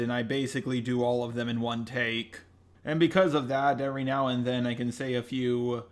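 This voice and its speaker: Earnest man giving a measured response. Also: mid-range voice. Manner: earnest, measured, explaining himself. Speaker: YouTube commentator. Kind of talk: unscripted response video.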